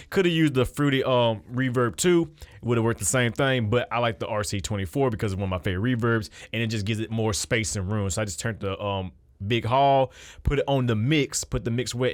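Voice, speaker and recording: A man explains his music production steps in a loose, conversational way. His voice sits at an ordinary pitch. The recording is dry and close, with no room sound. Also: dry recording. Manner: loose and conversational, with fillers and restarts. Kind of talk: casual screen-recorded beat-making tutorial.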